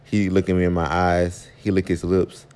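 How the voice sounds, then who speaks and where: A man telling a story in a casual vlog, chatting straight to his viewers with sudden jumps in pitch. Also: level tone, normal speed, darkish tone, clear, resonant tone.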